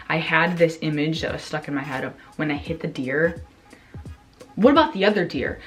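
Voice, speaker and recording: Young woman, vlogger, rambling storytime chat, lots of fillers, a bit low voice, faint background music. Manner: rambling, many fillers, swears, reenacts her own reactions.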